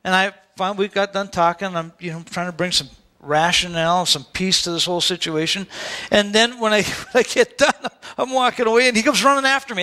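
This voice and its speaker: A man's voice: high-pitched, fairly even intonation, brisk, pushed and bright. A male pastor preaching a sermon in a church, telling stories in a conversational way with asides to the congregation.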